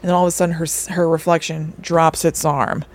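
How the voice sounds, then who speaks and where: A woman's voice: low-pitched, fast. A young adult woman co-hosting a podcast, eagerly recapping a story in casual chat and acting out bits of dialogue. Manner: animated plot recap with acted-out quotes. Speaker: podcast co-host.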